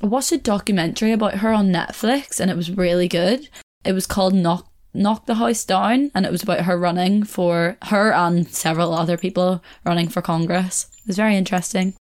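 Young female podcast host, somewhat low-pitched, loose chatty delivery that wanders and second-guesses itself. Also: a little fast, a little mellow. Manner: rambling, chatty, corrects herself, laughs often. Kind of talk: casual solo podcast chat.

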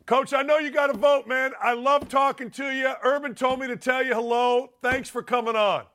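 A man hosting a sports talk show, fired up and enthusiastic, talking loudly and making sarcastic asides. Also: very high-pitched, steady tone, moderate pace. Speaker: show host.

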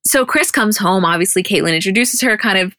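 Brief: young woman podcast co-host, lively swearing recapper, dead dry recording. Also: mid-range voice, fairly quick, no echo. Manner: animated, swears freely, retells scenes acting out quotes. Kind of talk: casual recap chat.

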